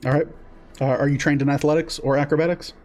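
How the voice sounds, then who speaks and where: A man's voice: on the high side, little pitch movement, fast, a little mellow, faint music behind. A man narrating a tabletop game as game master, descriptive, with many fillers and self-corrections.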